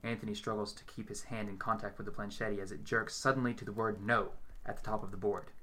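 A man reading a horror story aloud in a steady, measured storytelling voice. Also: lowish voice. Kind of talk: dramatic horror story narration.

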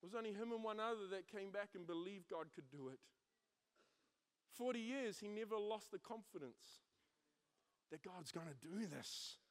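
A young man preaching a sermon, mixing scripture with a school story, energetic and emphatic with frequent restarts. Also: high-pitched, normal speed, pauses often. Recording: long hall reverb.

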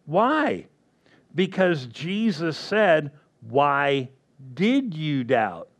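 Male preacher, fairly high voice, slow deliberate delivery, checks in with the congregation. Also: big pitch swings. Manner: slow, emphatic, asks the congregation questions. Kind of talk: sermon.

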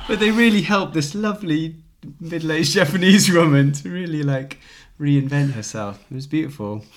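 A man's voice: fairly high pitch, normal speed, slight background noise. A man hosting a podcast in a casual, chatty way, laughing easily. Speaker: podcast host.

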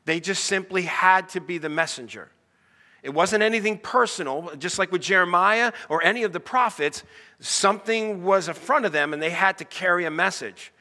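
A middle-aged American pastor delivers a sermon in a bright, forceful voice that sits a little high for a man. He talks in an easy, conversational way and keeps putting questions to the congregation. His words ring out with a long reverb across a church hall. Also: normal speed.

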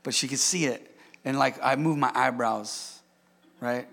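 A man's voice: medium pitch, a little slow, gravelly, a bit bright, in a large hall. A man preaching a sermon as pastor, emphatic, repeating himself and calling out to the congregation. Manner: emphatic preaching with repetitions and audience call-outs.

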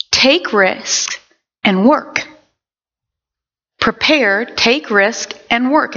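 A woman pastor preaching a sermon in an animated way, with quick asides to her congregation. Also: a little high. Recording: dull lo-fi recording.

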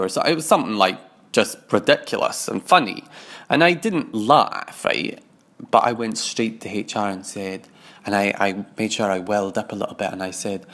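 A man's voice: fairly low pitch, normal speed, fairly bright tone. A man telling a first-person story in a wry, confiding way. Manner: wry, confiding, acts out other voices in quotes.

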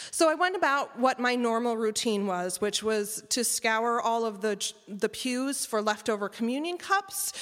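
A woman's voice: a little high, big-room sound. A woman host telling a wry personal story live to an audience on stage. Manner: wry, lively spoken storytelling.

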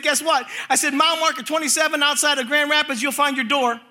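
A male preacher telling a funny story in a sermon, animated and acting out voices, laughing as he goes. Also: very high voice, slight background noise.

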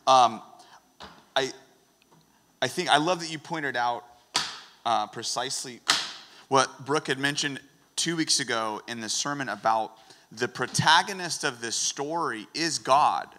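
A man giving a lively, joking sermon in a conversational teaching manner. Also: medium pitch, unhurried, long pauses, long reverb tail, a little hiss or hum. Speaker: guest preacher.

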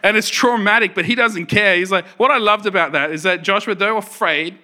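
A man in his thirties preaches, his voice bright and forward and sitting a little above the usual male range. He tells stories in an animated way, laughing often. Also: sits high, brisk, slight background noise. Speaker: pastor. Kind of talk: sermon.

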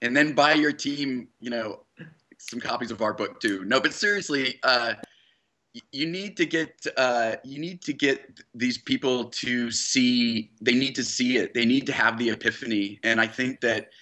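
A man on a conference panel giving a loose, joking answer that stops and restarts as he goes. His voice is bright and forward, at a middle pitch. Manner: joking, halting with fillers.

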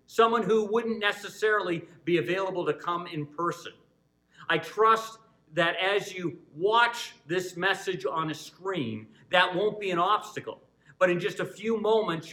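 A man's voice: on the high side, sharp tone, low-quality recording. A male pastor speaking earnestly to his congregation, introducing a guest speaker and leading a prayer. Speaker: church pastor introducing a video message. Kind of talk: church announcements and prayer.

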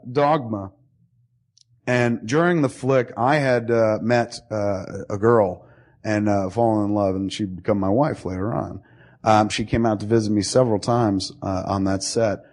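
A man's voice: fairly low pitch, measured pace, darkish tone. A man in his forties hosting a podcast, telling long, profane stories and laughing as he goes. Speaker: podcast host. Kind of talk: casual storytelling.

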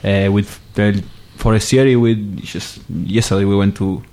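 A man from Argentina, a Spanish speaker, chatting as a guest in halting English with grammar. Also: lowish voice, a little mellow. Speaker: guest footballer. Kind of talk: casual interview chat.

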